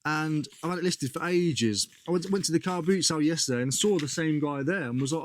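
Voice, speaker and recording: A man's voice: fairly high pitch, brisk, hardly any pauses. A British man chatting casually about his resale finds, slangy and often correcting himself mid-sentence. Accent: British English. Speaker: reseller vlogger. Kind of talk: casual chat.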